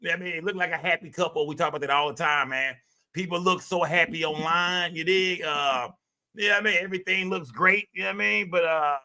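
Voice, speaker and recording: A male live stream host chats loosely with his viewers, piling on filler tags and swearing freely. His voice sits a bit high and comes through bright and forceful. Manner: loose, rambling and profane, with lots of filler tags. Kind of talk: casual live stream commentary.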